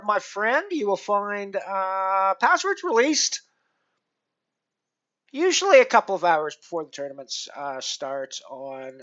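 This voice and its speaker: A man chats loosely on his poker stream, his voice pitched a little high and sounding bright and forceful. He drifts through fillers and restarts and often jokes at his own expense. The audio comes through dull and lo-fi. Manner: rambling, many fillers and restarts; self-deprecating. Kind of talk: casual live-stream chat.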